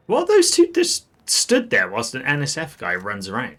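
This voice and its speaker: A man's voice: medium pitch, wildly swooping pitch, moderate pace, hardly any pauses, a bit bright, soft background music. A man streaming a video game live, chatting wryly and talking back to the characters on screen. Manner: chatty, wry, talks to the screen. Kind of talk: live gameplay commentary.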